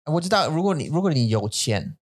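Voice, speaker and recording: A man's voice: on the high side, very animated, fairly quick. An Englishman co-hosting a podcast in an easy, casual way. He stumbles and repeats words as he switches between English and Mandarin. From England. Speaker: podcast co-host. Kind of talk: casual bilingual chat.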